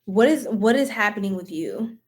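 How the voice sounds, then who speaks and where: Another live tarot session features a woman whose mid-range voice is animated and moves at normal speed. Giggling and goofing around, she keeps things casual and calls her audience "y'all" as she talks right to them.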